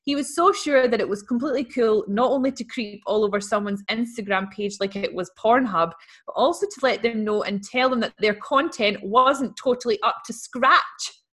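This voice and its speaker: A woman's voice: a little high, moderate pace, a bit bright. Woman, podcast co-host, casual chat, reads a letter aloud, wry. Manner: chatty and wry, laughs easily.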